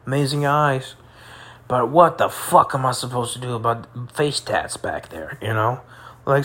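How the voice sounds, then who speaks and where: A young man talking crudely in a rambling casual monologue, full of fillers and slang, tipsy and high. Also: fairly bright tone, breathy edge.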